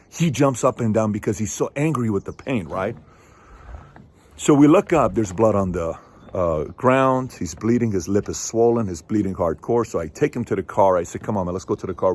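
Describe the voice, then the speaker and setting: A man in his thirties, a show host, telling a personal story to camera in a casual, emphatic way with sudden loud peaks. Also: fairly low pitch, husky.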